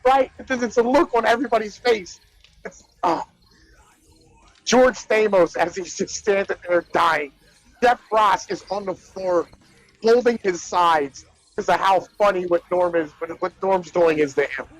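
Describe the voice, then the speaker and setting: A man co-hosting a casual chat show, retelling comedy bits in an animated, profane way with lots of "like" and "right?". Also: high-pitched, measured pace, low-quality recording. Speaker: podcast co-host.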